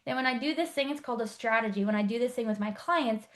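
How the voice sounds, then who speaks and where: A woman life coach teaching an online workshop, explaining briskly and checking in with rhetorical questions. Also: fairly high pitch, a bit bright.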